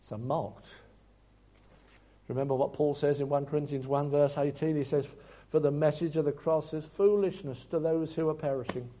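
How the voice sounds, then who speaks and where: A man preaching a sermon earnestly, rising to loud emphasis and dropping to quiet asides. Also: a little high, steady tone, moderate pace.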